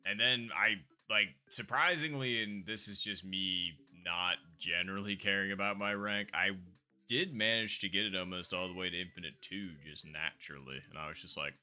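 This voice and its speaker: Low-voiced guy streaming, rambles a lot, super bright tone, faint music behind. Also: moderate pace. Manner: rambling, chatty, with frequent fillers and self-asides. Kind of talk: casual live-stream chat over a game.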